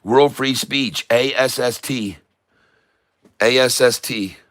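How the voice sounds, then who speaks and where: A man's voice: mid-range voice, slow, a bit bright. A middle-aged man from Florida giving folksy, showman-like live market commentary and greeting viewers by name. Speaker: day-trading streamer.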